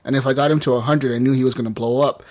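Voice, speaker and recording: A man's voice: mid-range voice, rapid-fire. A man on a casual gaming podcast, retelling what happened in his playthrough with plenty of fillers and acted-out quotes. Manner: animated storytelling, acts out quotes, many fillers. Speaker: podcast guest or host.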